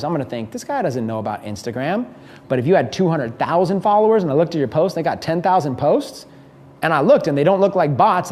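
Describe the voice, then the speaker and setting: A man giving a live seminar talk, energetic and conversational, acting out what his listeners might think. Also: a little high. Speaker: business speaker teaching a mastermind.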